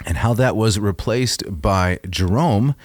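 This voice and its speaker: A man co-hosting a podcast, explaining a text in a measured, scholarly way in casual discussion. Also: on the low side, no room sound. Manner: measured, explanatory, reads out texts aloud. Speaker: podcast co-host.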